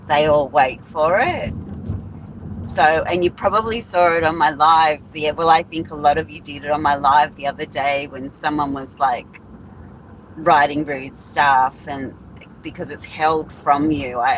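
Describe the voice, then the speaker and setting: A woman's voice: low-pitched, a bit bright, muffled recording, slight background noise. A woman telling stories on a casual live stream, blunt and rambling, swearing freely and restarting her sentences.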